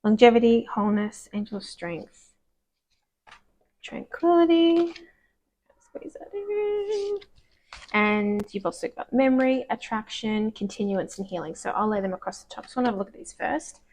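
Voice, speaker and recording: A woman giving a casual, rambling tarot card reading, gushing and soft-spoken, sometimes dropping to a whisper. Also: mid-range voice, moderate pace. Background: dogs barking.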